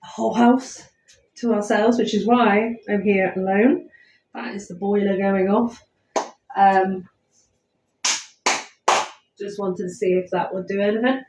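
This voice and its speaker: A woman's voice: medium pitch, steady tone, measured pace, long pauses, very noisy. A woman, chatting casually and rambling with lots of ums while streaming live from a house at night on a phone. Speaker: paranormal investigator streaming live. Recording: roomy echoey house.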